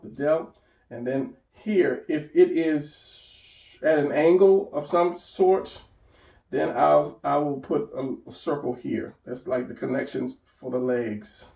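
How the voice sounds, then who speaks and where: A man's voice: medium pitch, slow, creaky, warm tone, reverberant, distant mic. A man giving an unscripted drawing lesson, rambling and correcting himself as he sketches. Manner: rambling, self-correcting, talks while drawing. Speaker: drawing instructor.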